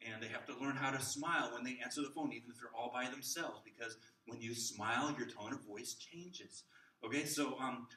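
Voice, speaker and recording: A man teaching a class of children's ministry workers, jumping between loud bursts and soft near-whispers to show how to use the voice. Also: mid-range voice, fairly quick. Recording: roomy echo, mic at a distance.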